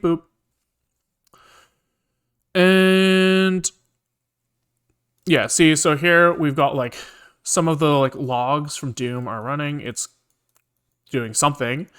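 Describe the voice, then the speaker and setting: A man's voice: fairly high pitch, measured pace, pauses often, fairly bright tone, clear, resonant tone. A man casually explaining his programming work on a live stream, talking loosely and thinking aloud with lots of filler words.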